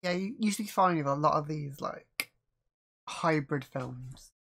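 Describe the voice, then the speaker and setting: Higher-pitched male podcast co-host. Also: unhurried, gravelly, fairly bright tone, slight background noise. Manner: brief agreeing interjections. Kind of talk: casual movie review chat.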